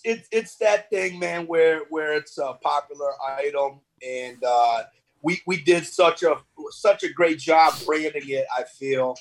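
A man talks through a casual podcast interview as a guest, his voice somewhat husky and sitting a little high. He is relaxed and streetwise, often stammering and repeating words as he goes. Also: rough recording. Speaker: podcast guest, business owner.

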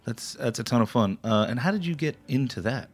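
A man hosting a casual podcast interview, prompting his guest quickly with friendly short replies. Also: medium pitch, expressive. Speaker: podcast host.

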